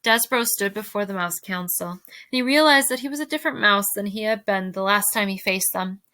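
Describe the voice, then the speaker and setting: A woman teacher reading a novel aloud to her fifth-grade class, expressive and speaking directly to her listeners. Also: medium pitch, a little fast, no echo.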